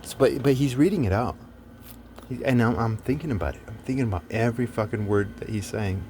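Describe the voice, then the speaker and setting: Male storyteller, soft mellow voice, profane and exasperated, restarts his sentences often. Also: medium pitch, quick pace, slight background noise. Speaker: self-described philosopher telling a story. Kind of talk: casual storytelling monologue.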